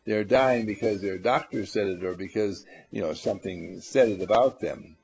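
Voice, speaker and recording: A man giving a spiritual lecture to a live audience, animated and teasing, acting out little scenes as he goes. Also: lowish voice, normal speed, vocal fry, slightly rough. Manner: animated, acts out little scenes in funny voices; coaxes and teases the audience. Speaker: motivational speaker.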